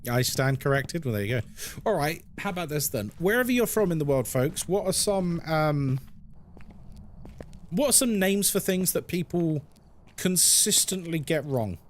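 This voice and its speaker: A man's voice: fairly high pitch, animated, normal speed, slight background noise. A man streaming a game, chatting playfully and reading chat messages aloud. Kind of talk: casual live-stream chat.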